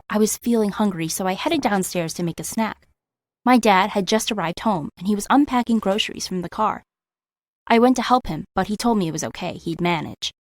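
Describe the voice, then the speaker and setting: A woman's voice: mid-range voice, no echo, clean studio sound. A young woman narrating her own story in the first person, emotional and confiding.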